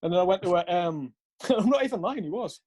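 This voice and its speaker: A man's voice: high-pitched, expressive, fairly quick, a little mellow. A young man casually telling a rambling story, swearing often and laughing along. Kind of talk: casual chat.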